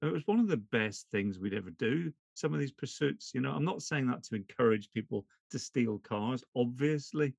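A man's voice: mid-range voice, lively intonation, moderate pace, creaky, hardly any pauses, darkish tone, husky, dry recording, clean studio sound. A man hosting a casual conversation, chatty and full of fillers. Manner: chatty, uses lots of fillers. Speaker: podcast host, former police officer.

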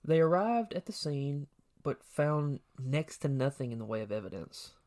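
A man's voice: on the high side, big pitch swings, normal speed, a little mellow. A man co-hosting a true crime podcast, reading a prepared case summary with occasional personal asides. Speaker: podcast co-host.

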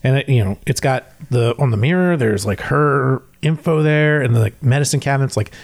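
A man's voice: medium pitch, brisk. Man rambling through a story. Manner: rambling, many "like" and "he's like" fillers; acts out quotes in animated retelling. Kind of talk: casual chat.

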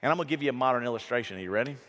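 A man preaching a lively sermon, telling stories and acting out quotes in raised voices. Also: rapid-fire. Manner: animated storytelling, acts out quotes in high voices. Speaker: pastor. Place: church sanctuary. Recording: long reverb of a church hall.

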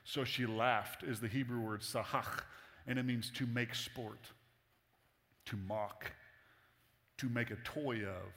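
A man's voice: mid-range voice, steady tone, takes it slowly, pauses often, fairly bright tone. A man preaching a sermon in a casual, humorous, conversational way to a congregation in a church. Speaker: pastor. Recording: long hall reverb.

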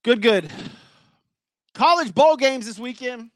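A man's voice: very high-pitched, takes it slowly, fairly bright tone, dry recording. A man hosting a sports podcast, chatting loosely through game matchups and betting picks. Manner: loose, chatty, apologetic about glitches. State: breathing heavy. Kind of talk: casual sports betting talk.

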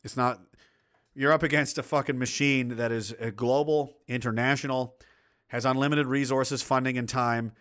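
A man's voice: mid-range voice, fairly even intonation, normal speed, fairly bright tone. A man hosting a livestream, ranting in crude, mocking, blunt commentary and reading out viewer comments. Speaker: livestream host reading chat.

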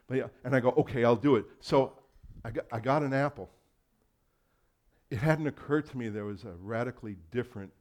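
A man preaches a sermon in a loose, conversational way, slipping into quoted voices and laughing along the way. His voice sits at an average pitch for a man. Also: a little mellow. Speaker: pastor.

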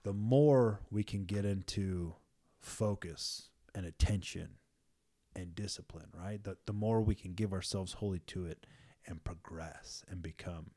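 A young man with a somewhat low voice talks through faith ideas in a relaxed, conversational way. He is earnest and emphatic, circling back and repeating words as he builds toward his point. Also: a little slow.

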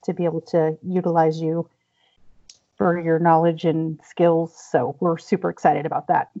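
A woman's voice: low-pitched, level tone, normal speed, dark tone. A woman hosting a casual podcast chat from home, laughing often and using lots of fillers. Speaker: podcast host. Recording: dull lo-fi audio.

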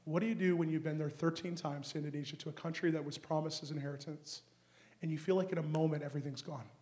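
A man from Canada preaching and telling a story in an animated way, often laughing and shouting. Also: fairly high pitch, fast. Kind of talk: sermon storytelling.

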